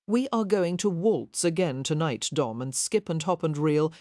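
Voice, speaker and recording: A woman's voice: sits low, lively intonation, normal speed, mellow, no echo, clean studio sound. A woman reading an audiobook, voicing a bubbly young lady who gushes playfully. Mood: giddy. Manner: gushing, playful.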